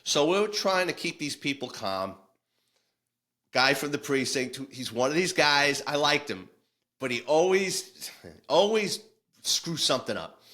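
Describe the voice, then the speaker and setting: A man's voice: a little high, sharp tone. A man, a former police detective telling war stories in a casual, blunt, salty way with frequent restarts. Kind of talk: casual storytelling.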